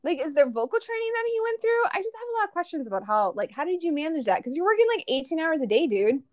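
A woman's voice: high voice, very animated, fast, dry recording. A young woman co-hosting a podcast, chatting casually and animatedly, with lots of laughter and filler words. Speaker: podcast co-host. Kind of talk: casual chat.

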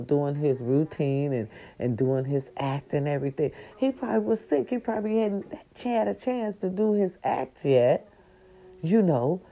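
Furious low-voiced woman ranting, lo-fi audio. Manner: angry, profane, swings into high shouted outbursts. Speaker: vlogger. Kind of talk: impassioned commentary rant. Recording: slightly dull lo-fi audio.

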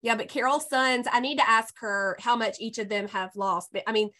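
A woman hosting a casual podcast chat, effusive and quick to laugh. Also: a little high. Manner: warm, effusive, laughs often. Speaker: podcast host and health coach.

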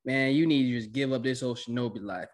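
A young man co-hosting a casual anime recap, playful, putting on high voices for the characters. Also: fast talker. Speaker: anime recap podcast co-host.

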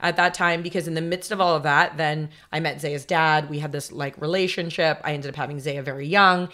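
A woman in her forties with a notably low voice tells her story as a podcast guest. She talks fast and chatty, packing her sentences with "like", and drifts into voiced quotes of what people told her. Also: fairly even intonation, sharp tone. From Los Angeles, United States. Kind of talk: casual interview storytelling.

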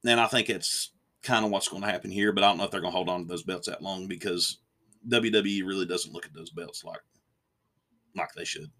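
A man talks wrestling in an easygoing podcast chat, his voice very low yet bright and forceful. He rambles and restarts his sentences, opinionated throughout. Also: fairly quick. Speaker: podcast co-host.

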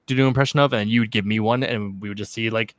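A man's voice: on the low side, steady tone, racing, dry recording, studio quality. A young man co-hosting a casual podcast, laid-back and joking, swearing now and then. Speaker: podcast co-host.

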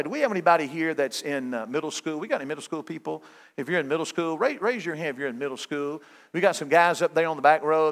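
A man's voice: fairly high pitch, a bit bright. A middle-aged man preaching a sermon as a guest evangelist, folksy and joking with his listeners.

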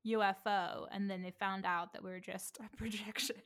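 Podcast co-host: woman, giggly, earnest explainer, mid-pitched, casual tone. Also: flat delivery, normal speed, fairly bright tone.

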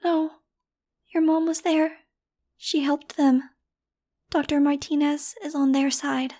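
Woman voicing a little girl, high voice, faint whisper, weak and frightened, audiobook. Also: little pitch movement, takes it slowly, mellow.

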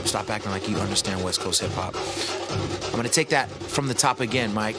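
A man hosting a podcast in a casual, animated way, giving life advice, joking with his producer and using slang. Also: on the low side, fairly quick, loud music behind the voice. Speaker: podcast host. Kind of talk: casual motivational talk.

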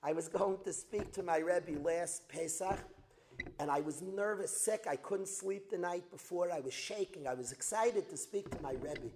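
A man teaching a religious lesson as a dramatic story, repeating phrases for emphasis and building to loud outbursts. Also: high-pitched, moderate pace, noisy background. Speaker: Torah teacher. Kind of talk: storytelling lecture.

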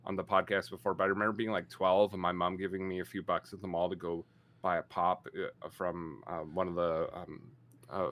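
A man's voice: low-pitched, pushed and bright. A man in his forties, co-hosting a podcast in casual chat, rambling and self-mocking. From Canada. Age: 40s. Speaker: podcast co-host.

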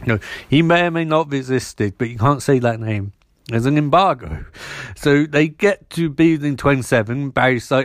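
A man retelling a show's plot comically, quick to jump into characters' voices. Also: medium pitch, dry recording, clean studio sound. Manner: animated, impersonating characters. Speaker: comic recapping a show.

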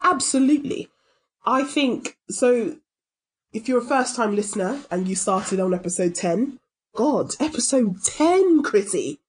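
A British woman in casual podcast chat who builds into an emphatic rant. Her voice is slightly husky and sits fairly high. She swears now and then. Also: lively intonation, measured pace. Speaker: podcast co-host.

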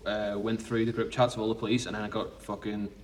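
A man's voice: on the low side, flat delivery, fast talker, recorded from a distance, rough recording. A man co-hosting a podcast in casual chat, blunt and sweary as he rambles through stories. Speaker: podcast co-host.

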